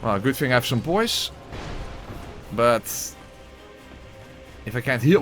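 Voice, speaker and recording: A man's voice: mid-range voice, very animated, unhurried, pauses often, fairly bright tone, soft background music. A man giving casual gameplay commentary and voice-over narration, exclamatory, swearing, with wry asides.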